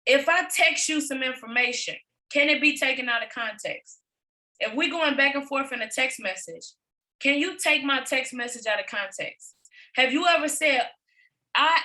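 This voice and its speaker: A high-pitched, bright-toned middle-aged woman delivers a motivational training talk to her team. She talks emphatically, repeating her points and tossing out rhetorical questions. Her bright voice carries a forceful, pushing edge. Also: poor audio. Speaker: business coach presenting to a team.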